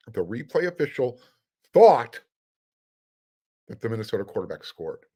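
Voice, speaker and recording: A middle-aged man hosts a sports podcast with a mid-range voice, neither high nor low. He hammers his points home with emphasis and dry sarcasm, sounding fired up about the topic. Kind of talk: casual sports commentary podcast.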